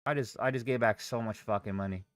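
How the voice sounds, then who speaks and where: Here a young day trader streams live, talking fast in a low voice while cursing and ranting in frustration. The recording is clean and studio-like, with no room sound.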